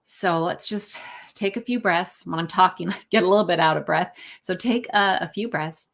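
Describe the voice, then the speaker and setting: A woman wellness coach leading a live-streamed breathing lesson from her phone, relaxed and guiding, with fillers and small self-corrections. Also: lowish voice, moderate pace, gravelly.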